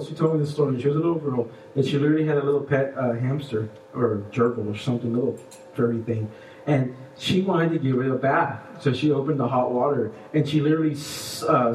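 A man preaching a sermon as pastor, animated, acting out little voices and swinging between hushed and loud. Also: mid-range voice, a little fast, roomy sound, far from the mic, a little hiss or hum, low-quality recording.

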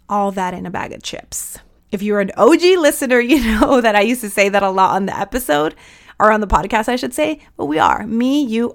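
A young adult woman hosting a podcast, giving a heartfelt, encouraging pep talk to her listeners. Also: mid-range voice. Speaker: podcast host.

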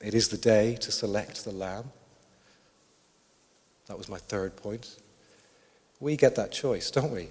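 A man's voice: fairly low pitch, slow, long pauses, a little mellow. A man preaching a sermon, thoughtful, asking his listeners many questions. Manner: reflective, asks the congregation questions. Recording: long hall reverb.

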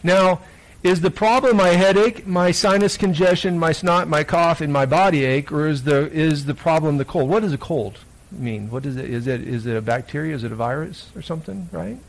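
A man with a somewhat high voice leads a children's sermon in church. He reads the gospel, then turns playful and keeps putting questions to the young listeners. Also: normal speed, vocal fry, low-quality recording. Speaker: pastor.

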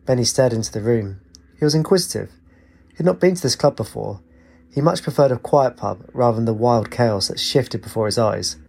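A man reading a story aloud in a steady, unhurried manner. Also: mid-range voice, creaky. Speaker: narrator. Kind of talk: storybook narration.

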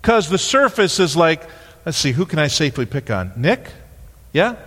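A man delivers a sermon with a bright, high voice that leaps up and down as he acts out the people in his stories. His words ring out with a long echo, as if filling a large church sanctuary. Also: normal speed, breathy edge. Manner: animated storytelling, acting out voices. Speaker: pastor. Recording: long hall reverb.

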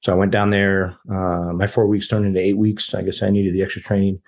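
Deep husky man telling stories. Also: little pitch movement, a little fast, a little mellow. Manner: rambling, quotes others in dialogue. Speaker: interview guest. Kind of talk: casual personal storytelling.

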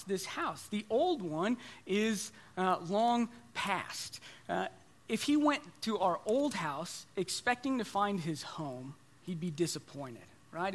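A man's voice: sits high, a bit bright. A man in his thirties preaching a sermon, telling stories in a conversational, self-deprecating way.

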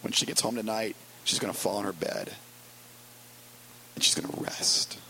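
A man preaching a conversational sermon as pastor, wry and storytelling with quick asides. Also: on the low side, gravelly, bright, forceful tone, a little hiss or hum, poor audio.

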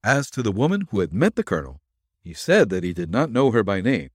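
A man hosting a podcast, reading a classic story aloud in an expressive, theatrical way. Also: on the low side, a little fast, dry recording, clean studio sound. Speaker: podcast host and story reader.

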